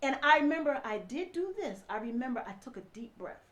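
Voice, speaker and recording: A woman telling her own painful story through tears, impassioned, dropping to a hush and then rising to forceful outbursts. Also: a little high, expressive, fast, few pauses. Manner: impassioned, swinging from hushed to loud and forceful. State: crying. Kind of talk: emotional personal testimony.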